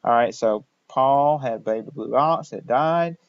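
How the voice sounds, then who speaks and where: A man's voice: mid-range voice, measured pace, no echo. A man giving a recorded lecture in a casual, jokey way, often checking in with "all right?". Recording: dull lo-fi dry recording.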